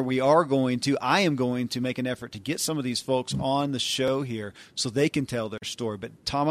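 A man co-hosting a podcast, talking conversationally and promoting an upcoming course. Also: medium pitch. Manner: conversational, with frequent uh fillers. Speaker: podcast co-host.

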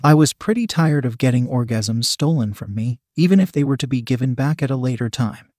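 A man narrating a first-person story as a scripted reading, in an even, steady manner. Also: medium pitch, brisk, dry recording, studio quality.

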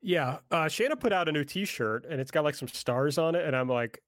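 A man co-hosting a podcast, running through recaps from his notes with wry, joking asides. His pitch jumps around a lot as he talks. The sound is close and dry. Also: fairly quick, no echo. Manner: lively, wry, reads from notes. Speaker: podcast co-host reading match recaps. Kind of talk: casual chat.

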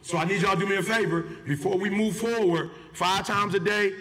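A man's voice: high-pitched, fairly even intonation, brisk, a bit bright. A man giving an emphatic, slangy motivational speech to a live audience, calling for responses. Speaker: motivational speaker. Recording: live hall with long reverb.

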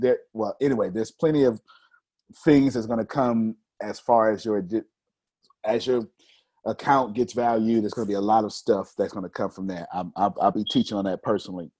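A man, a professional speaker explaining his techniques to a group, talking deliberately with intentional pauses. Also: fairly low pitch, a little mellow.

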